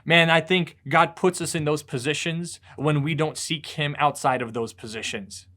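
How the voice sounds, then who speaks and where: A man's voice: fairly high pitch, fairly even intonation, normal speed, bright, forceful tone. A man preaching a short devotional sermon as a pastor, telling stories earnestly and often repeating words as he goes. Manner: earnest storytelling with frequent word repeats.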